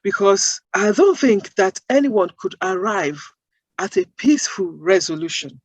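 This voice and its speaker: A woman speaking as an interview guest, earnest and emphatic, building her points with rhetorical questions in measured phrases. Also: medium pitch, expressive, dry recording, dull audio. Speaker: guest, accent-bias advocate. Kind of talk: interview answers.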